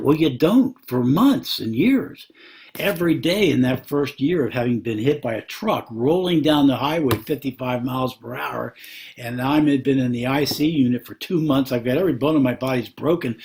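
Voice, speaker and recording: An earnest man talking to camera about marriage in the manner of a Christian counselor. He speaks slowly, pauses often and piles up repeated words for emphasis. His voice sits at an ordinary middle pitch. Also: a little mellow. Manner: slow, with many pauses and fillers. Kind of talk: advice talk to camera.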